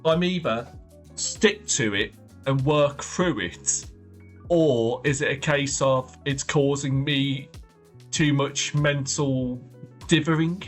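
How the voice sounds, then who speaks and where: A man's voice: mid-range voice, slow pace. A man chatting casually on a livestream while he draws, thinking aloud in loose, trailing phrases. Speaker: art streamer. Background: faint background music.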